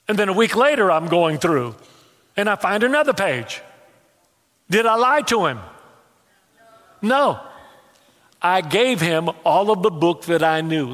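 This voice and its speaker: A male pastor with a high, bright voice gives a lively, humorous sermon, telling stories while repeating himself and stammering into restarts. A long reverb trails his words, as though echoing through a large church hall.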